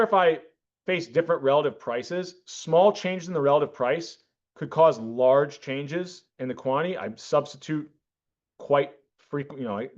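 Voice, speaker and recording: A man giving an economics class lecture, explaining step by step and often checking in with the class and correcting himself. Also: on the high side. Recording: dull lo-fi classroom recording.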